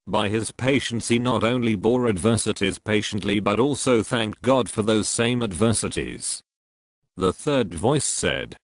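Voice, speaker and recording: A man reading a religious text aloud in a measured, solemn way. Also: on the low side, animated, dry recording, studio quality. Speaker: reader. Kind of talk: audiobook narration.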